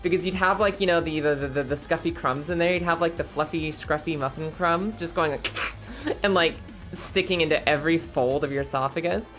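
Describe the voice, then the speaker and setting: A woman streaming and chatting casually, her voice a bit hoarse and scratchy, laughing often and rambling. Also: low-pitched, brisk, a bit bright, soft background music. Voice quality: scratchy throat.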